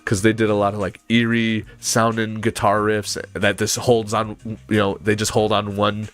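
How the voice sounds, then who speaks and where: Rambling low-voiced man chatting about music. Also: monotone, moderate pace. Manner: rambling, filler-heavy, mouths bass riffs aloud. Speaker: podcast panelist. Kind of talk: casual chat about music.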